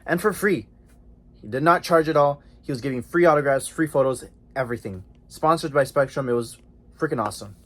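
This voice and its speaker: A young man telling a story in a casual vlog, excited and chatty, with lots of slang and fillers, recorded indoors at home. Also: mid-range voice, fairly quick. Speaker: vlogger.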